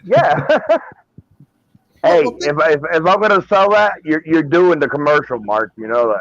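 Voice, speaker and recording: A man's voice: a little high, lively intonation, measured pace, fairly bright tone, dry recording. A man hosting a casual panel chat, cracking jokes and telling crude stories. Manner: joking, tells crude anecdotes. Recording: dull lo-fi audio.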